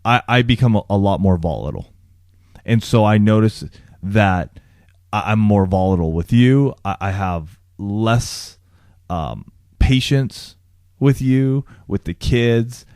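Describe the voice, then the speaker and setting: Hoarse low-voiced man venting casually. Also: lively intonation, a little slow, darkish tone, no room sound, studio quality. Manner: rambling, frustrated venting. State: hoarse, sore throat. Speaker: podcast co-host. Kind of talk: casual chat.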